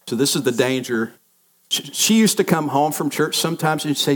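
A man's voice: on the high side, expressive, moderate pace. A middle-aged man preaching a sermon, telling family stories and acting out the voices in them. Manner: storytelling, acts out quoted voices of family members. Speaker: pastor.

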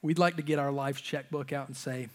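A man preaching a sermon as pastor, with impassioned delivery that swings from loud urgent peaks to hushed low lines, acting out God's voice and the congregation's objections. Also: steady tone, brisk.

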